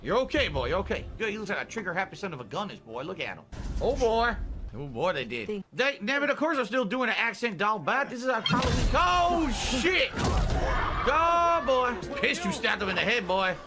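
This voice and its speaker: A man's voice: high voice, sing-song, moderate pace. A man putting on a drawling old Southern colonel. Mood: rowdy folksy. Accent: put-on American Southern. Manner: drawling, rowdy, brash heckling. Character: folksy old Southern colonel, calls everyone boy. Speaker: streamer. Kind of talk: in-character game commentary.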